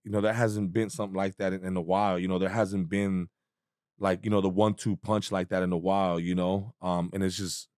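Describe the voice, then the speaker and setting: A man's voice: deep voice, little pitch movement, a little fast, darkish tone, no room sound, clean studio sound. A young adult man, a comedian guest, telling stories in casual chat with a laid-back, profane manner and lots of fillers.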